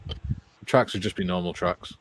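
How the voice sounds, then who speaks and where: A man's voice: low voice, normal speed. Older Welsh man reading chat aloud. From Wales. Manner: jokey, reads viewer comments aloud with laughs. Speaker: co-host reading live chat. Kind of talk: casual banter on a livestream.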